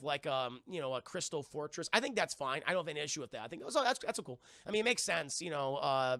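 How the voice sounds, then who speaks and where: A man's voice: fairly high pitch, gravelly, bright, forceful tone, no room sound, studio quality. A man casually recapping a film scene by scene on a live stream, rambling and swearing, often calling out to his chat. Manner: rambling, profane, keeps addressing chat. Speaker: streamer reviewing films.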